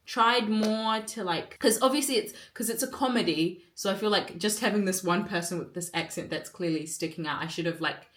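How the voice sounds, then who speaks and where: A young woman with a lowish voice rambles candidly about her day, stacking fillers and poking fun at herself. Her voice rings a little in a roomy space. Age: 20s. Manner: rambling, candid, self-mocking, many fillers. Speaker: vlogger and actor. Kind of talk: casual chat to camera. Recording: roomy echo.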